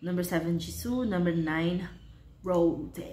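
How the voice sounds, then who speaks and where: A woman's voice: lowish voice, animated, slow, reverberant, noisy background. A woman hosting a reaction video, talking casually and unsure of herself, muttering guesses and often laughing.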